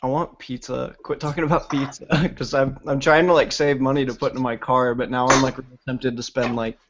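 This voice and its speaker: A man's voice: medium pitch, flat delivery, a little fast, dull audio, background noise. Congested guy rambling on a stream. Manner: rambling, swears freely, laughs often. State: congested, stuffed-up sinuses. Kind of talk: casual chat on a livestream.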